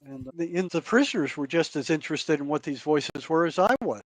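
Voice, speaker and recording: A man speaking as a podcast guest. He recounts past events in an earnest, halting way and often repeats words as he goes. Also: a little high, lively intonation, dry recording. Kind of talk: storytelling in conversation.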